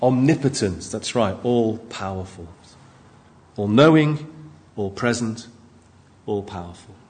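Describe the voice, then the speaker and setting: A man preaching a sermon into a microphone in a church, emphatic and lively, with asides to the congregation. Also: fairly low pitch, measured pace.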